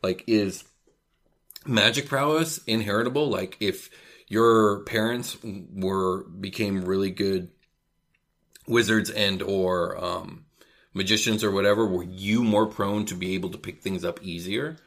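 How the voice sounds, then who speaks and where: Deep-voiced man in casual chat. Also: a little slow. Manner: animated, profane, riffs on fantasy ideas.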